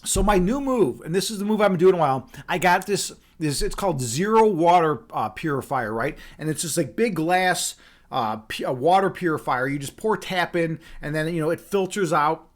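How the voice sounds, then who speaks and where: A man's voice: fairly high pitch, expressive, moderate pace. A man from Chicago hosting a casual livestream chat, rambling and laid-back, repeating words and saying "dude" and "man" a lot. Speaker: livestream host.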